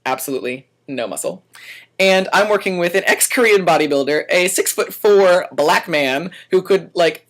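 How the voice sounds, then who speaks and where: A man's voice: high voice, a bit bright. A young man vlogging, telling a story in a dramatic, profane way and acting out quoted lines. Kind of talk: animated storytelling.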